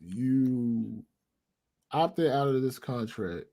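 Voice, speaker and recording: A man's voice: mid-range voice, lively intonation, very slow, vocal fry, warm tone. Man reasoning aloud on a podcast. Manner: thinks aloud, restarts and reasons step by step. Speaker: podcast co-host. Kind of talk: casual chat.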